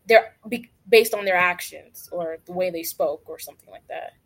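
A woman's voice: fairly low pitch, normal speed. Hesitant teenage girl from Uganda. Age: teens. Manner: hesitant, many fillers like "like". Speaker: interviewee. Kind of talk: casual interview.

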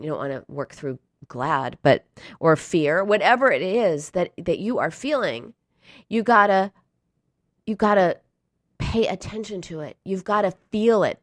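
A woman's voice: mid-range voice, fairly bright tone, no room sound, clean studio sound. A grown woman talking straight to her listeners in a casual advice talk, earnest and emphatic, now and then acting out feelings in short bursts. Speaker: self-help speaker.

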